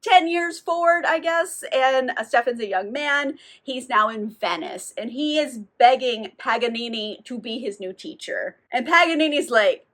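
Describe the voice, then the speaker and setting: High bright woman, sarcastic book recap, casual and profane. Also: lively intonation, measured pace. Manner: sarcastic, profane, filler-heavy. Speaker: book reviewer.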